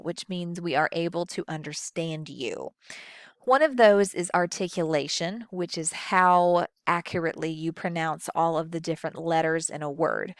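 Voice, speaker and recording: A woman's voice: on the low side, dry recording, studio quality. A woman with a Southern US accent teaching public speaking in a recorded lecture, moving her voice up and down to show each technique. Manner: expressive, demonstrates vocal techniques.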